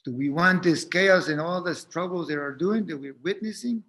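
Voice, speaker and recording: High-voiced man, gentle and halting. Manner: gentle, halting, often repeats words. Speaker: spiritual teacher. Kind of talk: reflective spiritual talk.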